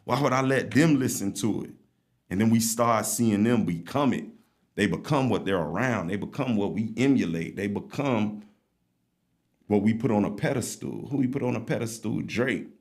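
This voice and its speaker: Deep-voiced man preaching on a podcast. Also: normal speed. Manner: preachy, urgent, blunt and profane. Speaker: podcast host. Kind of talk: impassioned podcast monologue.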